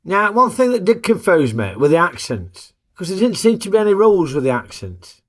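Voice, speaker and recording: A man's voice: sits high, sing-song, a little fast. A man, hosting a casual, jokey film review in a chatty, plain-spoken way.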